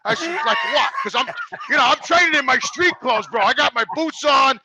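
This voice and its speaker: A man's voice: very high voice, fairly quick, noisy background. A middle-aged man telling a profane comic story, swearing constantly and rising into indignant outbursts. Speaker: show regular, storyteller.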